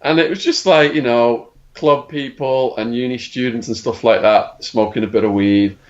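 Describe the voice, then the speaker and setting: A man's voice: mid-range voice, normal speed, dull audio. English man telling a wild story. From England. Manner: animated storyteller acting out quotes. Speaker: guest. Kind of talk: storytelling interview.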